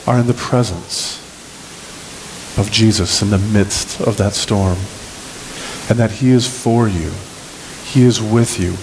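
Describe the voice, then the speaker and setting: Animated male preacher giving a sermon. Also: lowish voice, takes it slowly, background noise. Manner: animated preaching, acts out scripture scenes. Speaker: pastor.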